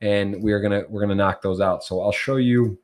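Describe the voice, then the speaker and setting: A man's voice: lowish voice, fairly even intonation, brisk. A man hosting a live-streamed poker podcast, chatty and upbeat, often restarting his sentences. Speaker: podcast host.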